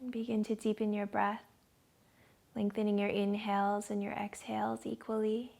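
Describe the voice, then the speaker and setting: A woman yoga instructor talks a gentle class through breathing and poses in a slow, soothing way. Her voice has a gravelly, fry-touched edge, and she sits at a middling pitch for a woman. She is recorded at home in her living room. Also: flat delivery.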